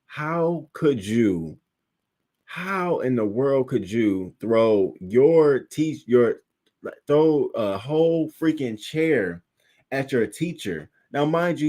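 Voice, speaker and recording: Animated male livestream host. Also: mid-range voice. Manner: animated, laughing storyteller who greets viewers by name. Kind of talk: casual live-stream chat.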